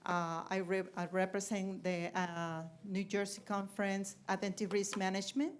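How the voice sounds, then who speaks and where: Halting woman introducing a speaker. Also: mid-range voice, flat delivery, clean tone. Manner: halting, many fillers, non-native phrasing. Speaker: conference representative.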